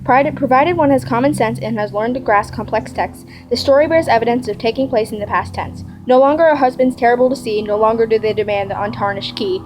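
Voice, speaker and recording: A woman reads a fairy tale aloud, moving briskly through the lines. Her voice is on the higher side. A faint background hum sits under it. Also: low-quality recording. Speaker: reader.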